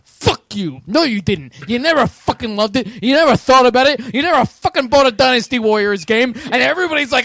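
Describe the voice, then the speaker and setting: Swearing guy ranting about games, high voice, swings all over the place. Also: lively intonation, fairly quick, few pauses, no echo, studio quality. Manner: profane ranting, swinging from shouts to mutters. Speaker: podcast host. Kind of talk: casual gaming chat.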